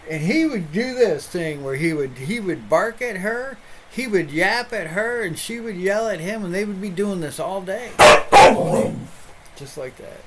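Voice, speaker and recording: Casting: middle-aged male pastor, chatty rambling livestream host, slightly higher voice, faint background noise. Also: expressive, measured pace. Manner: rambling, chatty storytelling with many restarts. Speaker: pastor hosting an online show. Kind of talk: casual chat on a livestream.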